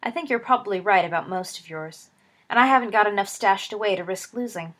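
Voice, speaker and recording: A woman's voice: mid-range voice, natural voice. A woman playing a mild, wry schoolboy wizard. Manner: calm, wry, measured. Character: mild, dry-witted teenage schoolboy wizard.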